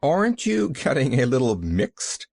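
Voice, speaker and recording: A man's voice: medium pitch, huge pitch swings, a little slow, gravelly, darkish tone, no room sound, studio quality, heavily acted. A man voicing a cross, bedridden older man who answers curtly and grimly in an audiobook. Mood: gruff bitter. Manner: grumbling, curt and grim.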